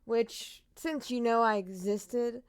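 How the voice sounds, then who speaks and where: A woman's voice: fairly high pitch, fairly even intonation, slow pace, clean tone, no room sound. A young woman retelling a true crime case, emotional and outspoken, swearing freely as she reacts.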